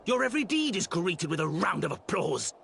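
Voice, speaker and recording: A man's voice: high voice, sing-song, a little fast, creaky, fairly bright tone, husky, heavily acted. An actor playing an anguished, bitter young man in a video game cutscene, hurling accusing outbursts.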